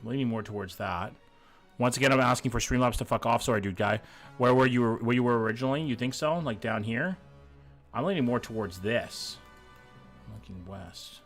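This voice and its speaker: A man's voice: medium pitch, fairly quick, soft background music. Casual swearing male game streamer. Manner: swears freely and reads chat aloud. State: a little sick. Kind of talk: casual live-stream chat while gaming.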